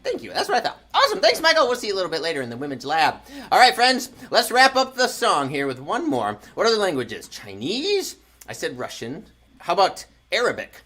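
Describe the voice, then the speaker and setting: Woman, children's show host, bubbly, exclamatory, wildly swooping pitch, bright tone. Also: huge pitch swings, brisk. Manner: bubbly, exclamatory, laughs often. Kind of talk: lively kids' show hosting.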